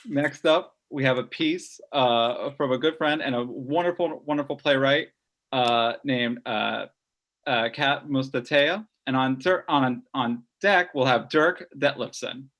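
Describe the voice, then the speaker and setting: A man's voice: medium pitch, a little slow, a bit bright. A man introducing acts at an open-mic show, hesitant with fillers. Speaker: emcee. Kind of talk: stage introductions.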